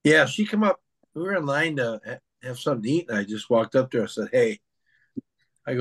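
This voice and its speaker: A man's voice: mid-range voice, brisk, a bit bright, slightly rough. A man co-hosting a podcast, chatting casually and leaning on "you know" as he recounts things. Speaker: podcast co-host. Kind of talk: casual chat.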